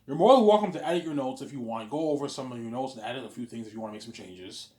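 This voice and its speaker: A man's voice: medium pitch, expressive, very fast, a little mellow. A man talking casually in a rambling monologue, often saying "obviously" and pleading with emphasis. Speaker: host. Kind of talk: casual monologue, imagined film planning.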